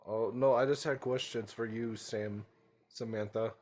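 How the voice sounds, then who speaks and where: A man calling into an online debate, asking questions in halting, broken phrasing. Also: lowish voice, steady tone, darkish tone. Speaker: caller.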